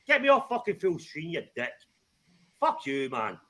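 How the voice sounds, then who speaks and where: A man's voice: on the high side, wildly swooping pitch, normal speed, a bit bright, a little hiss or hum. An angry, exasperated man arguing on a livestream, swearing constantly. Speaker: livestream guest. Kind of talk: livestream argument.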